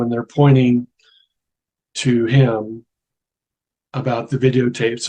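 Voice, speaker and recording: Middle-aged guy telling his story, mid-pitched, gets animated doing the voices. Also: a little slow, breathy edge. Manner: animated, acts out quoted voices. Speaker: guest telling his near-death story. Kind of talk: casual storytelling.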